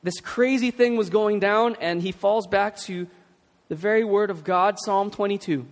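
Male pastor, conversational sermon delivery, lifted pitch, reverberant church hall. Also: normal speed. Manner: conversational, emphatic preaching. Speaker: preacher.

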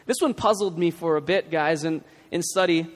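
A man's voice: a little high, moderate pace. A man preaching a sermon in a casual, conversational way, with emphatic questions to the congregation. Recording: long hall reverb.

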